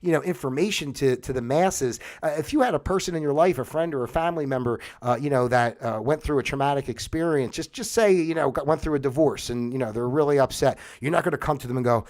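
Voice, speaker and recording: A man's voice: medium pitch, fast talker, few pauses, a little mellow. A middle-aged man hosting a livestream, talking in a rambling casual monologue full of fillers and restarts. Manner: mocks a newscaster in a put-on solemn voice. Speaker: livestream host.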